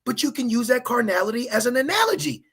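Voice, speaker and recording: A man preaching a streetwise sermon, casual and profane, driving points home with a repeated "okay?" and jumping into high acted-out asides. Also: big pitch swings, quick pace, creaky, fairly bright tone, slightly rough. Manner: acts out voices in high pitched asides.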